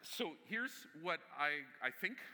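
Male pastor, casual, humorous storyteller, bright tone, echoing sanctuary. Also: a little high, big pitch swings, slow, some chatter behind. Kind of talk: sermon. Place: church.

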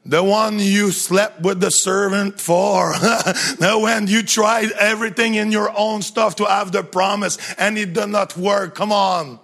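A man preaching a lively sermon, often calling "come on" to the congregation and laughing between points. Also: high-pitched, measured pace, vocal fry. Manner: energetic, calls to the crowd, laughs often.

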